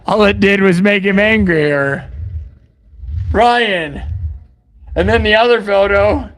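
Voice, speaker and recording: A man's voice: high voice, slow pace, a bit bright, long reverb tail. A man hosting a livestream, chatting casually to viewers in an amused way. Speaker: livestream host.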